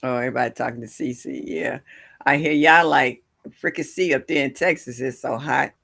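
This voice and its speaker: A woman's voice: rumbling low, fairly quick, creaky, a bit bright, slightly rough. An older woman hosting a gardening livestream from home, chatting and laughing with her viewers in a chatty, folksy way. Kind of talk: casual chat with live viewers. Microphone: livestream setup.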